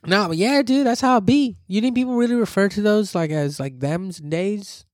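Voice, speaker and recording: A young man from Southern California, chatting casually on a podcast, loud and profane as he tells stories. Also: high-pitched, moderate pace, no room sound, studio quality. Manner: loud, profane, animated storytelling. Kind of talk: casual chat.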